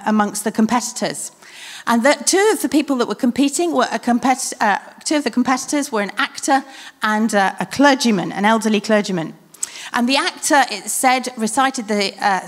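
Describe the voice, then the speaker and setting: A woman preaching a sermon in an earnest, reflective way, with emphatic repetition and often dropping to a soft hush. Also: mid-range voice. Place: church hall. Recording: church hall with long reverb.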